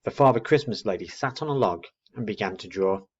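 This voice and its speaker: A man reading a children's book aloud in an expressive way. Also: on the low side, fairly quick. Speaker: storyteller. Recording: dull muffled recording.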